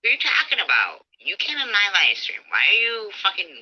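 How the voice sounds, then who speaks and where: Husky woman yelling and cussing on a stream, sharp bright voice, muffled phone sound. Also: mid-range voice, huge pitch swings, brisk. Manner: angry, swearing, confrontational. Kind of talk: heated livestream argument.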